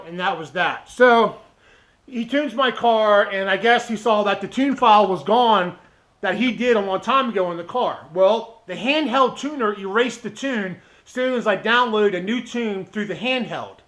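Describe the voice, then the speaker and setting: A man's voice: high-pitched, normal speed, fairly bright tone. A man hosting his car channel, talking casually and heatedly to viewers, giving blunt advice and often tagging his points with "okay?". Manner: gives blunt advice in a preachy tone. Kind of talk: casual vlog talk to viewers.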